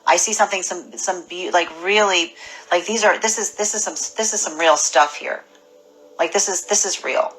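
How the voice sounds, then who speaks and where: Forceful bright-voiced woman reading tarot. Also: lowish voice, normal speed, low-quality recording. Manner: animated, repeats and restarts phrases often; acts out imagined people's voices. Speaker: tarot reader. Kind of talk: casual spoken tarot reading.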